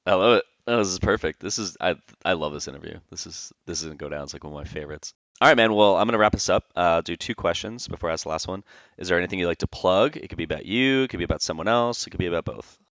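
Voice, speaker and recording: A man hosting a podcast interview, enthusiastic as he wraps up with quick questions. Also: low-pitched, a bit bright, dry recording, muffled recording. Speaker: podcast host. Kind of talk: casual interview.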